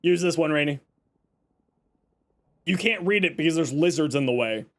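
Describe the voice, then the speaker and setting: A man's voice: fairly high pitch, lively intonation, moderate pace. A man from Canada live-streaming, chatting with viewers and reacting with joking exasperation. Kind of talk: casual live-stream chat.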